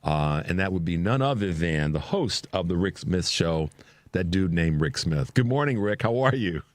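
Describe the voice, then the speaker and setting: A male talk radio host with a very deep voice recorded dry and close to the mic. He talks casually, with lots of "uh" and restarts, and his voice leaps higher when he gets fired up. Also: moderate pace, dry recording. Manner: animated, rising pitch when excited; filler-heavy, restarts.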